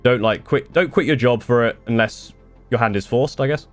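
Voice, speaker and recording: A man's voice: medium pitch, moderate pace, faint music behind. A young man chatting casually on a live stream, answering viewer questions in a rambling way with restarts and the odd swear. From United Kingdom.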